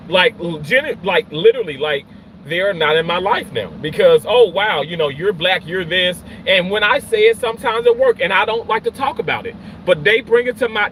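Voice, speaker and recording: A man who works in healthcare, ranting in an emotional vlog, swinging from loud yelling to quiet, halting talk, often repeating himself and swearing. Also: sits high, slight background noise, poor audio. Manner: repeats and restarts phrases, swears. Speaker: healthcare worker.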